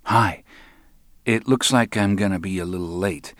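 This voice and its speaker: A man's voice: low-pitched, moderate pace, fairly bright tone, no echo, studio quality. A man reading the part of an earnest, persistent man questioning a woman in an audiobook. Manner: persistent, probing. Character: earnest middle-aged man pressing a woman.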